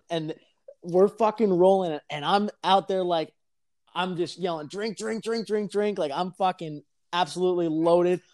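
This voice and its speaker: Excitable young guy telling a wild story, kinda high voice, dry mic, cusses a lot. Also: no echo. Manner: animated, swears constantly, laughs mid-sentence. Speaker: podcast co-host telling a story. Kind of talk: casual storytelling, profane.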